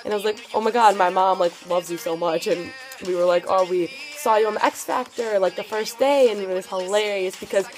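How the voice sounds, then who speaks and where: A teenage girl telling a story on her vlog in an excitable, gushing way, full of "like" fillers. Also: mid-range voice, a little fast, hardly any pauses. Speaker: vlogger. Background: background music.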